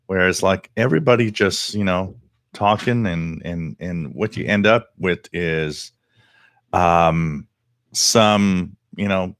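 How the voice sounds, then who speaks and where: Deep-voiced French Canadian man hosting. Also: no echo, studio quality. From Quebec, Canada. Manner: casual, rambling, many fillers and restarts. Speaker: host. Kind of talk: live radio hobby stream chat.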